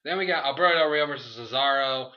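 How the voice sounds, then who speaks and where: A man co-hosting a casual comedy chat, recapping wrestling matches in a goofy, animated way. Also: mid-range voice, fast talker. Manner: animated, breaks into goofy impressions and shouts. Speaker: podcast co-host recapping wrestling. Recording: lo-fi dull recording.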